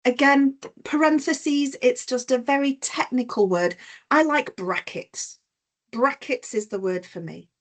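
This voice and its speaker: A woman's voice: high-pitched, a little slow. A woman teacher giving an online punctuation lesson, explaining patiently with examples over a video call.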